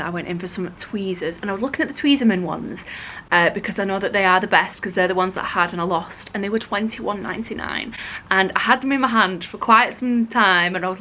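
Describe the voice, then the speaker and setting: A woman's voice: mid-range voice, sharp tone, slight background noise. A young woman, heavily pregnant, chatting casually and gushing in a vlog, with the odd swear. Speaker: vlogger.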